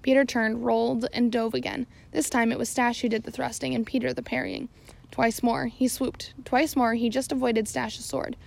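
Woman with a gravelly voice reading aloud. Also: fairly high pitch, normal speed. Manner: steady reading with occasional slips and self-corrections. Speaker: audiobook narrator. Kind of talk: scripted narration.

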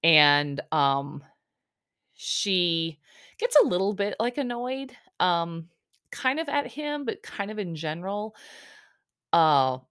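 A woman's voice: on the low side, sing-song, slow pace, long pauses, a bit bright, clear, resonant tone, no echo, clean studio sound. A woman casually recapping a reality TV episode in a chatty, opinionated way, full of "like" and "um". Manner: chatty, filler-heavy, with frequent "like" and "um"; opinionated storytelling.

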